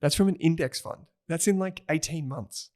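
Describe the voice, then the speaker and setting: A man's voice: a little high, moderate pace. Chatty man co-hosting a podcast. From Australia. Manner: chatty, rambling, laughs easily. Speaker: podcast co-host. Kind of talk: casual chat.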